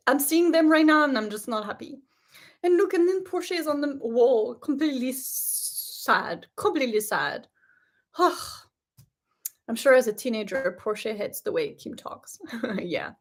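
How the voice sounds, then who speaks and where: Woman reaction host with a slightly high voice, chatty and fired-up, talks straight to her viewers. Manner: animated, indignant, talks to viewers directly. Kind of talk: casual reaction commentary.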